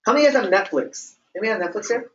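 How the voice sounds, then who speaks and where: A business trainer with a high, expressive voice races through a motivational group talk in a meeting room before a live audience, with slight background noise. His style is emphatic and repetitive, full of "okay?" check-ins, and the distant recording sounds roomy and dull.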